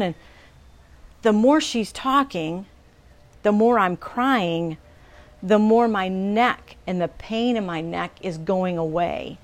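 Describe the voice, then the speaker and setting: A woman's voice: medium pitch, slow. A middle-aged woman sharing a personal testimony in an earnest, conversational way, acting out the voices of people in her story.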